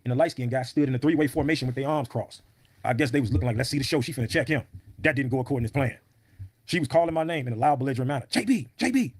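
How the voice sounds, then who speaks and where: A man's voice: mid-range voice, a little mellow, no echo. A man in an interview, telling a story in a blunt, emphatic, often profane way. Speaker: podcast guest.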